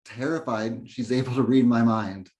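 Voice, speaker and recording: A man's voice: medium pitch, fairly even intonation, normal speed, darkish tone. Bitter sardonic man in monologue. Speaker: narrator and main character. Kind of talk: dramatic inner monologue.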